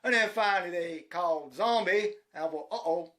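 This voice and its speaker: A man's voice: high-pitched, moderate pace, hardly any pauses, pushed and bright. A man rambling through a comic story in an exasperated way, acting out the other voices himself. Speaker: comedic storyteller playing Zach. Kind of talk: comic monologue retelling a story.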